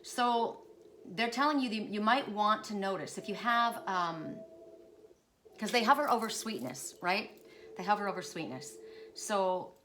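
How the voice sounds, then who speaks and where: A woman reading oracle cards at home, telling a spiritual story in a rambling, digressive way that keeps correcting itself. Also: mid-range voice. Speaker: oracle card reader. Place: her home by a lake. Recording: steady background noise.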